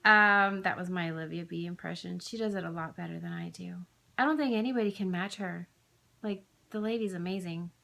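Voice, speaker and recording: A woman's voice: lowish voice, a little fast, vocal fry, pushed and bright. A woman, rambling chattily with lots of fillers as she vlogs about her craft haul. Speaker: flosstube vlogger. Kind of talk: casual chatty haul video.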